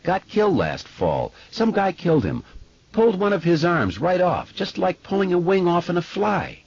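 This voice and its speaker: A man's voice: high voice, huge pitch swings, moderate pace, gravelly, darkish tone, husky, highs cut off, pitched above the performer's own voice, full character voice. A man voicing a fretful, chatty eleven-year-old boy with asthma, in an audiobook.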